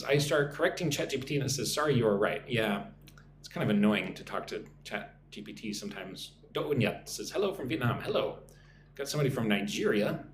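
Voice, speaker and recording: A man's voice: mid-range voice, echoey room, a little hiss or hum. A man teaching English vocabulary on a live stream, reading out viewer comments and drilling pronunciation, often tagging "right?". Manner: reads viewer comments aloud and greets them. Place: room in Vietnam.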